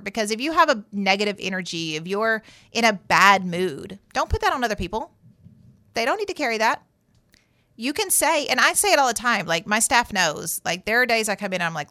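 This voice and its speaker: Woman, therapist host, conversational advice, emphatic, bright voice, dry close sound. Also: medium pitch, sing-song, fairly quick, no room sound. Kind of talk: advice monologue.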